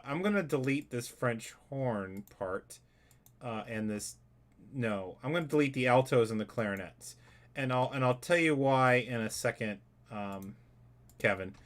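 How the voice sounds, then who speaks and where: A man's voice: medium pitch, animated, moderate pace, a bit bright. A man hosting a live stream, chatting casually and joking as he thinks aloud while writing music. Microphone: USB studio microphone.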